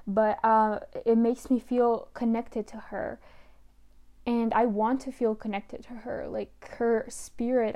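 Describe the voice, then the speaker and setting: A young woman talking in a personal monologue, emotional and halting, close to tears at times. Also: fairly high pitch, mellow.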